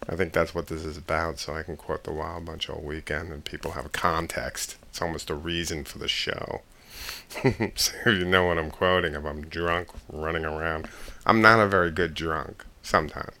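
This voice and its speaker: A man hosting a casual show, talking excitedly about a film, laughing and quoting lines loudly. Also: very deep voice, moderate pace, gravelly. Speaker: podcast host.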